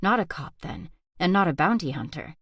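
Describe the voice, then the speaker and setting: A woman reading a first-person thriller audiobook aloud as narrator in a soft, steady whispered role-play. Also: fairly low pitch, normal speed, breathy edge, no echo, studio quality. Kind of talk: scripted narration.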